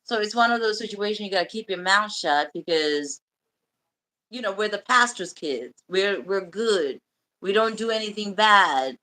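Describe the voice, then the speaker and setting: A woman hosting a livestream, bluntly and profanely telling a painful personal story in halting bursts. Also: mid-range voice, sharp tone, low-quality recording. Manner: emotional, halting confession. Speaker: livestream host.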